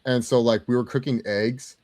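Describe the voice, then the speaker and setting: Young male co-host, casual review banter, animated, middle pitch, dry close sound. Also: normal speed, dry recording. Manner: animated, swears freely, acts out quotes. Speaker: co-host of a movie review show. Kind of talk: casual podcast chat.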